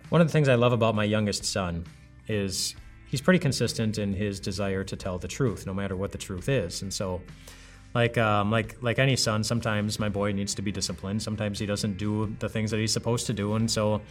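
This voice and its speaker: A man's voice: on the low side, fairly even intonation, fairly quick, soft background music. A man giving a conversational, reflective devotional sermon as a pastor, full of rhetorical questions.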